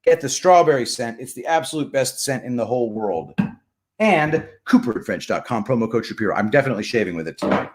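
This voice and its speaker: A man hosting a casual live stream, reading comments and cracking jokes. His voice runs a little high and swings widely, loud bursts giving way to mumbled asides. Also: expressive, fairly quick.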